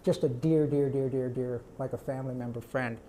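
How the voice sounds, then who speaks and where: A voice actor answering audience questions at a live panel, animated and quick to slip into character voices. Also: male voice, medium pitch, a little hiss or hum. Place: event stage before a live audience.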